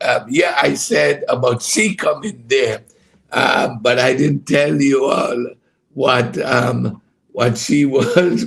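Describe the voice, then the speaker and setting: Man, gravelly voice, slow-paced, casual devotional chat, lots of ums, hearty laugh, home studio. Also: mid-range voice. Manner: hesitant, many fillers, greets listeners by name, laughs heartily. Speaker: ministry program host.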